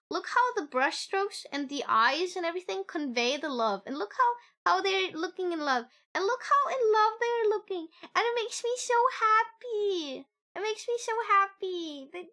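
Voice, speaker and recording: A woman streamer chats casually from her home setup into a desk mic. Her voice sits high and sharp, bright and forward. She gushes with excitement, giggles often and swears without a second thought. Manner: gushing and excitable, squealing with delight. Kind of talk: casual live-stream chat.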